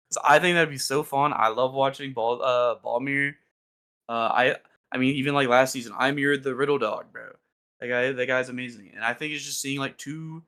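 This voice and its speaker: Young guy co-host, casual gamer rant, filler-heavy and excitable, mid-pitched voice. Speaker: podcast co-host. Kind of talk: casual podcast chat.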